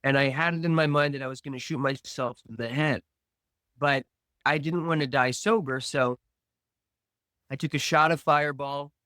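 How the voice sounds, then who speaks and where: A man's voice: medium pitch, fairly even intonation, normal speed, long pauses, fairly bright tone, smooth, no echo, studio quality. A man recounting his past addiction as a podcast guest, telling it in present tense with quoted dialogue. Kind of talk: storytelling about addiction.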